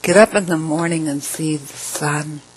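A middle-aged woman telling her own story in an emotional personal testimony, often dropping to a soft hush. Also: low voice, fairly even intonation, moderate pace, husky, poor audio.

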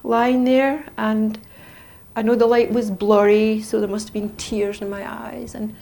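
A middle-aged Scottish woman telling her personal story in a halting, intense way that swings between hushed and raised. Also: fairly high pitch, little pitch movement, creaky. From Scotland. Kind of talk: personal testimony.

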